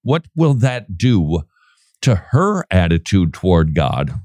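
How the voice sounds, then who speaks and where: A man talks with a sarcastic, joking edge and a lively, swinging pitch. He laughs often as he riffs with his co-host. The sound is close and dry. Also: takes it slowly, no echo. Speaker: podcast co-host. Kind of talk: casual commentary.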